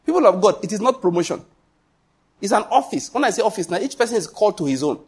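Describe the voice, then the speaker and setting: A man's voice: sits high, sing-song, fast, husky. A man preaching a sermon as pastor, emphatic, full of repetition and rhetorical questions.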